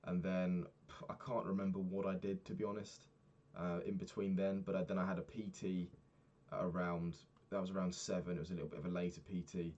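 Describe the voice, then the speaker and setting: A young man, a personal trainer, candidly recapping his week and swearing freely, getting animated when retelling annoyances. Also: sits low, a little fast, hardly any pauses, highs cut off. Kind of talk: casual vlog recap.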